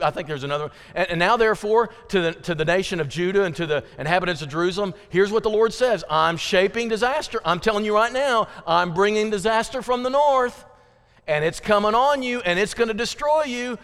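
High-voiced preacher in an echoing hall. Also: male voice. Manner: dramatic, swings between loud pleading and hushed emphasis. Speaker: pastor. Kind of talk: sermon.

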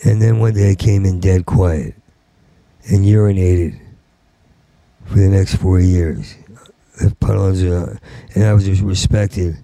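Middle-aged male comic, rambling profane rant, heavy stutter; gravelly, dry. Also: deep voice, fairly even intonation, unhurried, pauses often, warm tone, no echo. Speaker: stand-up comedian. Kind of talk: rambling stand-up monologue.

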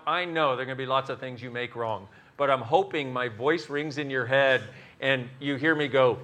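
A man's voice: mid-range voice, pushed and bright. A man leading a live class, talking animatedly, acting out inner voices, swearing and laughing at his own jokes. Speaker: workshop facilitator. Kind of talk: live workshop talk. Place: class in front of an audience.

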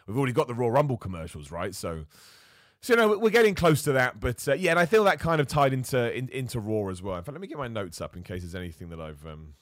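Fast-talking animated man recapping wrestling. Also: mid-range voice, no room sound, clean studio sound. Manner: chatty, opinionated, animated. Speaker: wrestling commentator host. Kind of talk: casual wrestling recap talk. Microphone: close mic.

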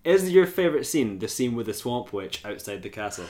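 A man co-hosting a casual podcast, blunt and sweary, quick to laugh. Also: mid-range voice, very animated, darkish tone. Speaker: podcast co-host. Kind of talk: casual chat.

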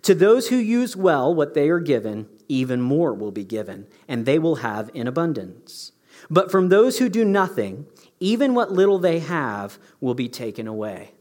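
A man voicing a commanding ancient master of servants in a measured, weighty read. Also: a little high, sing-song, a little mellow, pitched below the performer's own voice. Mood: solemn.

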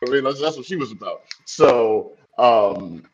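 A man's voice: medium pitch, expressive, a little slow, a little hiss or hum. A man in his forties, a screenwriter being interviewed, telling stories in a loose, chatty way, full of "like" and "you know" asides and easy laughter. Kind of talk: casual storytelling. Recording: dull lo-fi recording.

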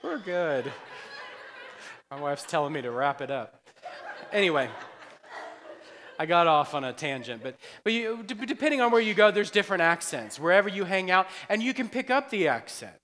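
Joking pastor in a reverberant church. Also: male voice, high-pitched, sing-song, normal speed, pauses often, fairly bright tone, slight background noise. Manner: chatty, joking asides, laughs often. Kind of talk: sermon. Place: church sanctuary.

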